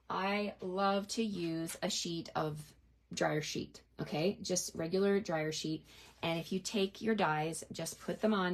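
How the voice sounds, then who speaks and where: Middle-aged female craft demonstrator, lower-pitched, friendly step-by-step explainer who answers viewer questions. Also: a little mellow. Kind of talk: live card-making tutorial.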